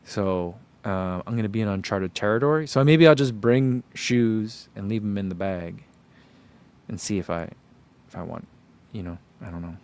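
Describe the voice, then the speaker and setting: A man's voice: fairly low pitch, normal speed, darkish tone, clean tone. A man chatting casually on a vlog, rambling through running shoe thoughts and reading viewer comments aloud.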